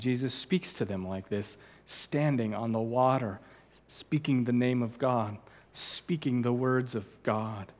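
A man's voice: medium pitch, measured pace, big-room sound. A man preaching a sermon, emphatic and earnest, repeating words as he presses his points and rising to sudden outbursts. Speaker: pastor.

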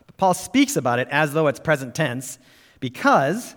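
A man's voice: a little high, very animated, normal speed, a bit bright. A man preaching a sermon as pastor, emphatic and pushing up on key words, asking his listeners direct questions. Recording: reverberant hall.

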